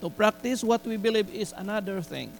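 A man preaching a sermon, slow and deliberate, mixing Tagalog phrases into his English. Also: high voice, creaky, slight background noise, poor audio.

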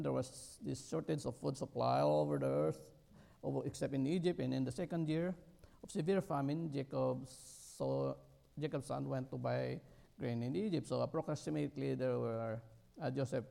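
Gravelly middle-aged man preaching haltingly. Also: mid-range voice, warm tone. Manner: halting, with many fillers and restarts, rising emphatically on key words. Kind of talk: sermon.

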